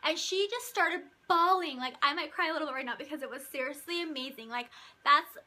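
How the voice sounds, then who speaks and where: A woman's voice: high-pitched, fairly quick, pushed and bright. A young woman, a hairstylist and YouTuber, talking in an effusive Q&A vlog and filling her sentences with "like" and "um". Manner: gushing, talks in run-on bursts with frequent "like" and "um". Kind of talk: casual Q&A vlog.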